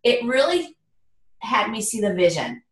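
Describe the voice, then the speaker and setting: A woman's voice: a little high, very animated, a little slow, roomy sound, rough recording. A woman leading a sales training on a video call, upbeat and motivational, often speaking to her listeners as "you guys.". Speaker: direct sales team leader.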